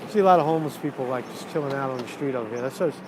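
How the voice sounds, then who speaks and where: A man's voice: medium pitch, very fast. A man vlogging as he walks empty city streets, rambling and repeating himself, on a handheld camera. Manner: rambling, repeats himself, talks while walking. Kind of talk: walk-and-talk street vlog. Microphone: handheld camera while walking. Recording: faint street noise outdoors.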